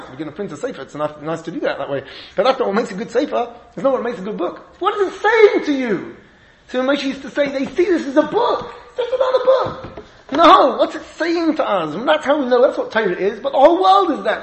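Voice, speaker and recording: Animated, high-voiced man teaching a Torah lecture. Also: roomy sound, poor audio. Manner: animated, emphatic, laughs often, Hebrew and Yiddish terms. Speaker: rabbi giving a shiur.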